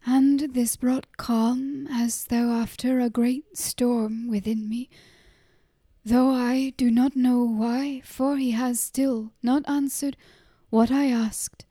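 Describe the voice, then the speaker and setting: A woman voicing a weary grieving mother who speaks softly and pleadingly. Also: on the high side, steady tone, takes it slowly, no echo. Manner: soft, pleading, half-whispered.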